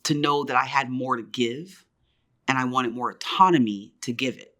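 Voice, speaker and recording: A woman's voice: very deep voice, moderate pace, fairly bright tone. A woman around forty, a business owner, telling her story as a guest in a podcast interview and acting out the voices of people she quotes.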